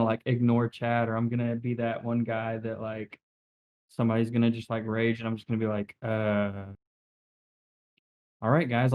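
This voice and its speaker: Easygoing man in his twenties, mellow voice. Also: mid-range voice, poor audio. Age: 20s. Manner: easygoing and jokey, many likes. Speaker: podcast guest, streamer. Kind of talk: casual chat.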